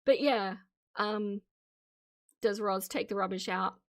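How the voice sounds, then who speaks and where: A woman's voice: medium pitch, slow, no echo, clean studio sound. A woman streamer giving casual, opinionated commentary to her live chat, laughing often between remarks. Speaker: streamer reacting to videos.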